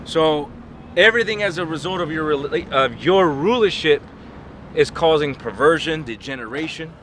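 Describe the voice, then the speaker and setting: A man's voice: on the high side, normal speed. A man teaching on the street in an emphatic, slangy, mocking manner. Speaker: street preacher. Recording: outdoor recording with loud traffic noise.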